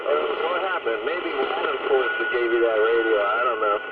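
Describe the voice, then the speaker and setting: A man's voice: medium pitch, lively intonation, a little fast, heavy background noise. Man trucker, mocking CB heckler, tinny far-off radio. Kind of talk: taunting CB radio banter.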